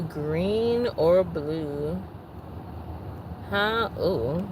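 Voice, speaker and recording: A woman hosts a casual livestream, venting and greeting viewers one by one. She talks slowly in a lowish voice. Clear traffic noise from outdoors runs under her. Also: expressive. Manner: chatty, vents and greets viewers by name. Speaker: livestream host.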